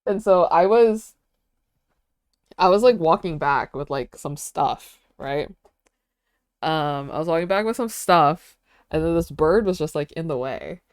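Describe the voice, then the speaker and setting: A young woman streamer talks casually into a close mic. She rambles through stories packed with fillers and giggles. Her voice sits a little low, and the sound is dry and close. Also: expressive, a little slow, long pauses, darkish tone, clear, resonant tone, no echo. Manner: rambling, filler-heavy storytelling with frequent giggles.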